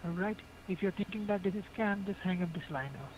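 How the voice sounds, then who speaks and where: Brief: male call agent, high voice, stiff and defensive, muffled line with faint hiss. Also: steady tone, fairly quick. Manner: formal, repetitive, defensive. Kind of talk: phone call. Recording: muffled noisy phone line.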